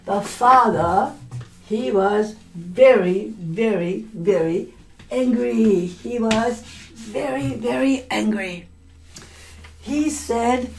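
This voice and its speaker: A woman language teacher telling a story to learners, slowly repeating and explaining words with many hesitant fillers. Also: on the high side, rough recording.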